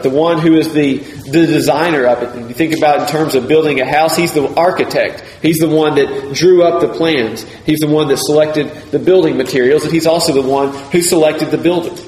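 Man preaching, emphatic and deliberate, roomy hall echo, faint background hum. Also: on the high side, a little mellow. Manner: deliberate, emphatic, repeats key phrases. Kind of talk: sermon. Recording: echoey hall, faint ambience.

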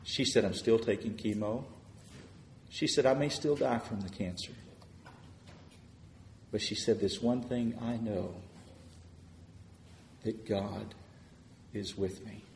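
A man preaching a sermon, telling stories of answered prayer and swelling louder as he retells people's words. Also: lowish voice, fairly even intonation, a little slow, gravelly, long pauses, roomy sound, a little hiss or hum.

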